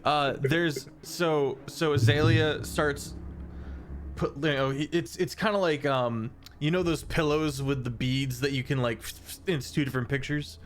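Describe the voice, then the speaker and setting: A man as dungeon master, describing scenes in a halting, rambling way with many fillers. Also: a little high, fairly even intonation, slight background noise. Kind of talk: narrating a tabletop game.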